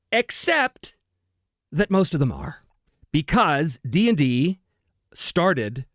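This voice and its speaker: A man hosting a live Q&A stream, his voice sitting somewhat high and swinging widely in pitch as he chats with viewers. The sound is close and dry, and his manner is chatty and self-deprecating. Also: no room sound. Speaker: host.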